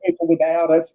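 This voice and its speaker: A tired woman hosting a casual live chat, laughing often and reading out viewers' comments in a husky voice. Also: sits low. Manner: chatty, laughs often, reads comments aloud. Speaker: host. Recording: dull lo-fi stream audio.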